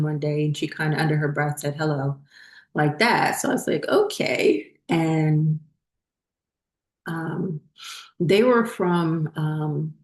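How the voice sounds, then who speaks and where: A woman with a low, deep voice recounts a personal story in a loose, meandering way, pausing on fillers and restarting her sentences. Her voice echoes around the room she is recorded in. The tone is casual and conversational. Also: darkish tone. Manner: rambling, many fillers and restarts. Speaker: spiritual channel host.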